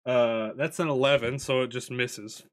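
A man narrating as game master in a tabletop game, playful and animated. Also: mid-range voice, moderate pace.

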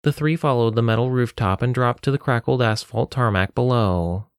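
A man narrating an audiobook story in a steady, even storytelling delivery. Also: mid-range voice, normal speed, clear, resonant tone, no room sound, studio quality. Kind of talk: scripted narration.

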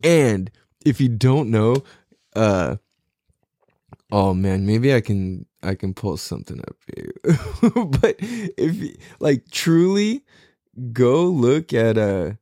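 A young man in a casual, profane, excitable monologue full of slang. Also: mid-range voice, takes it slowly, dry recording, clean studio sound.

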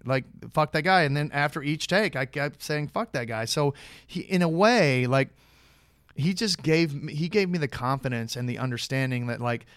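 A man's voice: medium pitch, dry recording. Rambling man telling a story, dry close sound. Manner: rambling, many restarts, acts out quoted dialogue. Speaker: actor, podcast guest. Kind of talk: casual anecdotal storytelling.

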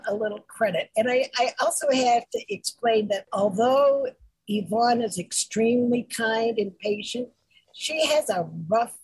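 Husky-voiced woman groomer chatting casually. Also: fairly high pitch, no echo, poor audio. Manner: gentle, chatty, self-deprecating. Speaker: podcast co-host, dog groomer. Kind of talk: casual chat.

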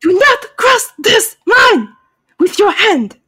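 A woman playing a furious, pompous ancient pharaoh who shouts threats. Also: extremely high pitch, very animated, slow, pitched above the performer's own voice, full character voice. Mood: furious threatening. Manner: shouting threats in a put-on accent.

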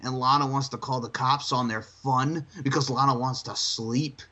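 A man co-hosting a casual wrestling chat, animated and profane, often mocking others in a shrill voice. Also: moderate pace. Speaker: podcast co-host.

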